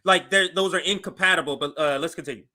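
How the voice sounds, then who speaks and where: A man's voice: on the high side, fast, bright, forceful tone. A man co-hosting a reaction stream, chiming in with short agreeing remarks.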